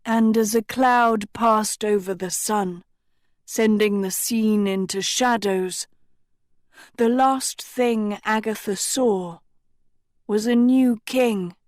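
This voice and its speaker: Woman reading a story out loud, super slow and careful, dry close mic. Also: mid-range voice, dry recording. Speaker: audiobook reader. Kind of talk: scripted narration.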